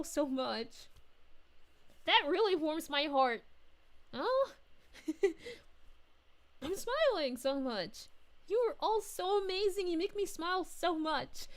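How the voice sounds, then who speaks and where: A woman's voice: very high voice, sing-song, takes it slowly, heavily acted. A woman voicing a cheerful young princess, reading chat on a live stream in character and gushing with thanks. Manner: gushing, effusive, frequent giggles and "aw"s. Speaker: VTuber streamer.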